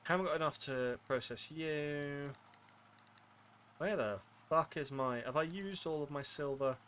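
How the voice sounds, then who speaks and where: Streaming his gameplay, a man from near Wales chats casually and mutters along with self-deprecating jokes. He speaks a little slowly in a fairly high, fairly bright voice, with a little hiss or hum in the audio.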